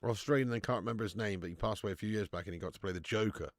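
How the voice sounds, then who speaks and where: A man's voice: lowish voice, very fast, no echo, studio quality. Jokey man hosting a football stream. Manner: jokey, banter-filled, reads out chat comments. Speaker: host of a football watch-along stream. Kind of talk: casual live watch-along chat.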